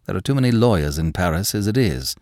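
A man voicing a young, quick-witted male former lawyer who talks earnestly and self-assuredly. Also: low voice, expressive, a little mellow, no echo, clean studio sound.

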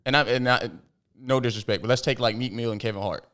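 A man, co-hosting a casual podcast chat, telling loose, profane, animated stories. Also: mid-range voice, fast talker. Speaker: podcast co-host.

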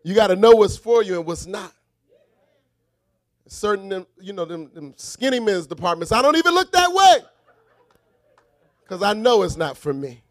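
High-voiced man preaching a sermon. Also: big pitch swings, normal speed, long pauses, no echo, clean studio sound. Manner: rhythmic call-and-response preaching, swings from shouted refrains to quiet asides.

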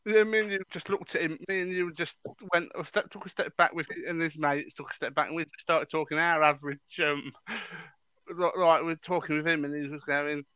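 A man with a bright, forceful, slightly high voice, telling stories with hesitant pauses. The recording is dry and close. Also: steady tone, clean tone, no room sound, rough recording. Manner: halting, hesitant with ums. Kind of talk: casual storytelling.

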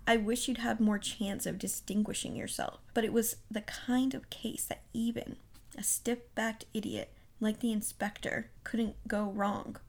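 A woman voicing an earnest male companion who speaks impatiently and protests quickly. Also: fairly high pitch, steady tone. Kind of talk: audiobook character reading.

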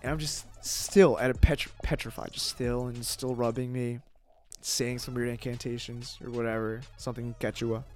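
A man, a podcast guest, telling a personal story in casual talk, animated, with lots of fillers and swearing. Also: mid-range voice, moderate pace, few pauses, soft background music.

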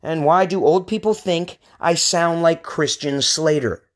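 A man in his thirties from the US West Coast hosts a podcast, delivering a rambling, ranting comic monologue full of crude jokes. His voice sits on the high side and he speaks at a measured pace.

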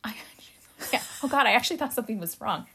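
A British woman co-hosting a casual podcast, her voice bright and a little high. She tells stories with a giggle and quick side remarks. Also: expressive, slightly rough. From Britain. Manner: giggly storyteller, quick asides. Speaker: podcast co-host. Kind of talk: casual chat.

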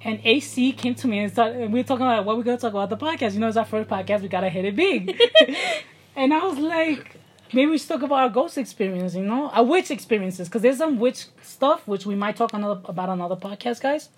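A woman's voice: a little high, very animated, fast, slightly rough. Laughing, foul-mouthed New York woman. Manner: laughs often, swears freely, addresses listeners as guys. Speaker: podcast co-host. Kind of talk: casual chat.

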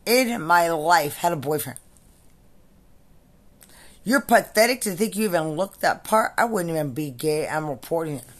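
A woman's voice: low-pitched, lively intonation, moderate pace, pauses often. A woman and military veteran delivering an angry, profane and repetitive ranting monologue.

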